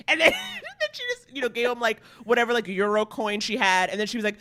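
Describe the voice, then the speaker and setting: A woman's voice: a little high, very animated, quick pace, few pauses, pushed and bright. A woman comedian from Harlem in casual comedic chat, telling stories animatedly and acting out the lines she quotes. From Harlem, New York. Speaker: comedian guest.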